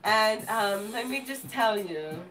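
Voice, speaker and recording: A woman's voice: medium pitch, animated, slow pace, a bit bright, recorded from a distance, faint music behind, poor audio. A woman in her thirties from California, Spanish her first language, chatting casually on a live stream, rambling and giggling at herself. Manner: rambling, giggly, self-teasing. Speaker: host.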